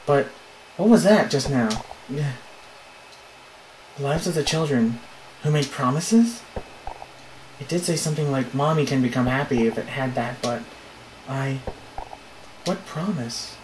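A man reading the lines of a worried young woman searching for her missing friend, in rushed, flustered questions. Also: mid-range voice, animated, noisy background, lightly acted. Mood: puzzled. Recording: roomy echo.

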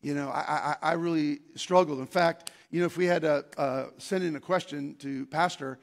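Pastor, man, high raspy voice with gravel, rambling storyteller who gets loud and excited. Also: normal speed. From Scandinavian heritage, Norwegian. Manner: rambling, self-deprecating storytelling with many restarts; breaks into loud, excited shouting when acting out scenes. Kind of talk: sermon with personal story.

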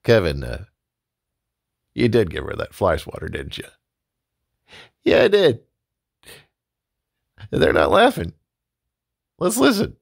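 A woman voicing dim, hapless 1980s husbands in a low, hesitant, mumbling voice. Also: wildly swooping pitch, slow, creaky, pauses often, slightly rough, no echo, clean studio sound, full character voice.

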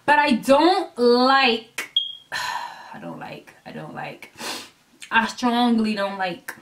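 A woman vlogging to her camera in a casual, animated way, blunt and emphatic with some swearing, rambling as she loses her thread. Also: on the high side, takes it slowly. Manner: rambling and chatty, losing her train of thought. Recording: voice a little distant from the mic.

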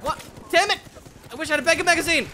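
A woman giving excitable gameplay commentary, swearing often and boasting playfully at her enemies. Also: very high-pitched, rapid-fire, a little hiss or hum. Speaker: gaming video creator.

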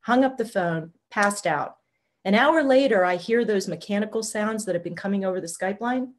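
A woman's voice: mid-range voice, moderate pace. A woman in her sixties, a podcast guest, telling a personal story and acting out the quoted voices. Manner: animated storyteller, acts out quotes. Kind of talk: interview storytelling.

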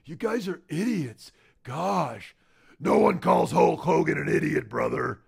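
A man doing an impression of a brash muscle-bound wrestler, gravelly and blustering. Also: on the high side, animated, a little slow, darkish tone, heavily acted. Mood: boastful.

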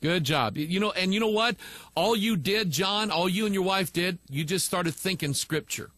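A man's voice: high-pitched, moderate pace, a bit bright, no room sound. A male pastor teaching online, reading viewer messages aloud and answering them bluntly and with emphasis.

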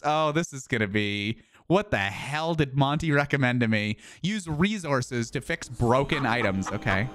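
A man's voice: mid-range voice, lively intonation, normal speed, few pauses, fairly bright tone, no echo. A man streaming a video game, chatting casually as he plays, rambling and joking with frequent swearing. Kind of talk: casual gameplay commentary.

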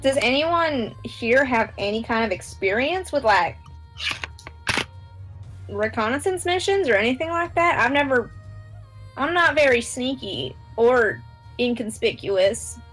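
A woman at a tabletop game table talks slowly and rambles through her plans, laughing often and swearing freely. Her voice sits a little high. Faint music plays underneath. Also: expressive, fairly bright tone, low-quality recording. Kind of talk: casual chat.

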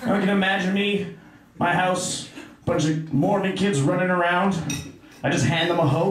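High-voiced young man doing stand-up. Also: fairly even intonation, moderate pace, very echoey, distant mic, rough recording. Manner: self-deprecating, offhand storytelling. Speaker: stand-up comedian. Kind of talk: stand-up comedy set. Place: comedy club stage.

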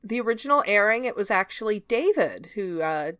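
A woman's voice: medium pitch, fairly quick. A woman with a mid-range voice co-hosts a podcast and steers the episode recap. Her talk is casual and loose, and she laughs often. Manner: leads the recap, laughs often, relaxed fillers. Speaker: podcast co-host. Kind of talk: casual chat.

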